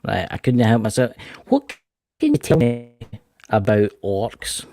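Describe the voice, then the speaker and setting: A man's voice: lowish voice, wildly swooping pitch, measured pace, mellow. A Scottish man hosting a casual livestream interview, chatty and repeating words as he restarts his sentences. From Scotland. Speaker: host.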